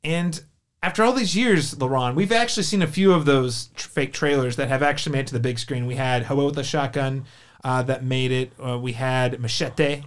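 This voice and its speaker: A man's voice: mid-range voice, a little fast, clear, resonant tone. A man hosting a movie review podcast, chatting casually with lots of fillers and restarts. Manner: chatty, enthusiastic, filler-heavy. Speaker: podcast host.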